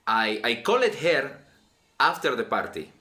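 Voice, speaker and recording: A man as a halting learner, Spanish accent, bright voice. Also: mid-range voice, sing-song. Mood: hesitant. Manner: hesitant, halting. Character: adult male Spanish-speaking learner, clumsy English.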